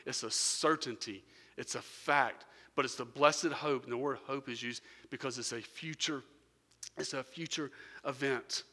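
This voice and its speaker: A man preaching a sermon, telling a story and swinging from quiet, low passages to loud, raised bursts. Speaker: pastor. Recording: long hall reverb.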